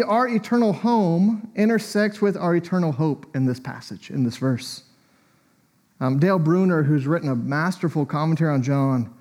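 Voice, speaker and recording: A man's voice: sits high, a little mellow. A man preaching a sermon in a church, talking in a conversational, reflective way with small asides and fillers.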